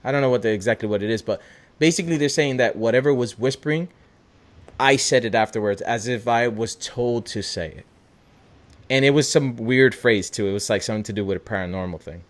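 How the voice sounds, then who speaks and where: Excitable young man hosting a chat. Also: mid-range voice, brisk. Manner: excitable, swears a lot, trails off. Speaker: podcast host. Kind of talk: casual chat.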